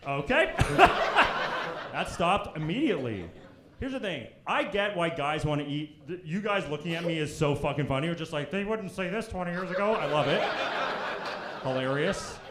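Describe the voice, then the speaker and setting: A brash young man from Canada doing stand-up on a club stage, his voice fairly high and swinging all over the place. He talks crude and quick, jumping into loud squeaky voices for the people he quotes. The room rings with echo, and a crowd laughs through it. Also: lively intonation. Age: young adult. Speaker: stand-up comedian. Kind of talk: stand-up set. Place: comedy club stage before a live audience.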